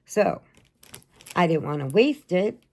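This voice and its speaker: An older woman talks casually to her viewers, rambling from story to story and laughing often. Her voice sits a little low and has a gravelly, fry-heavy texture. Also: big pitch swings, slow, darkish tone. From Chicago area. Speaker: crochet vlogger. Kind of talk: casual chat to camera.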